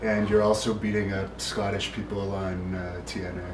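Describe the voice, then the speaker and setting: Brief: male interviewer, low voice, easygoing, faint noise behind. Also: flat delivery, normal speed. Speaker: podcast host, interviewer. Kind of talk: interview questions.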